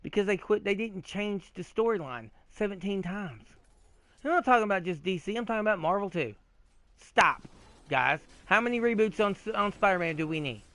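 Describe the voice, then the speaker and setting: A man hosting a gaming video, ranting in a rambling, profane, excitable way with frequent restarts while he plays. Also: sits high, normal speed, dry recording. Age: adult, old enough to remember 80s cartoons. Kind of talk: casual rant while playing a game.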